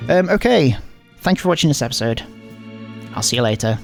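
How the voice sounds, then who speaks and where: A man's voice: mid-range voice, big pitch swings, a little fast, gravelly, soft background music. A man playing through a visual novel, reading every line in a playful, exaggerated comedic way.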